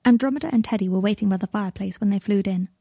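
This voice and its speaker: A woman narrating a story aloud in a calm, even storytelling manner. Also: mid-range voice, very fast, no room sound. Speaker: reader. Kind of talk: audiobook narration of fiction.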